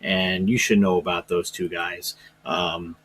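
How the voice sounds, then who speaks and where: A man's voice: low-pitched, level tone, unhurried, fairly bright tone, slight background noise. A man teaching social studies in a casual, rambling way, full of fillers and restarts. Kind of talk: informal classroom lecture.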